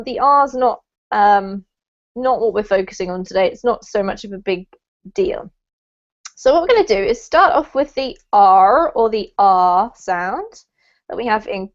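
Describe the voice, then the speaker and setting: A woman's voice: fairly high pitch, muffled recording. A British woman from the UK running an online pronunciation class, chatty and encouraging with frequent ums. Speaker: English pronunciation teacher. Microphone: video call.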